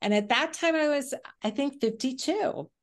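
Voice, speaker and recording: A woman's voice: high-pitched, animated, normal speed. Earnest middle-aged woman coach. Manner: earnest, open personal storytelling. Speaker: guest dating coach. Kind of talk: podcast interview.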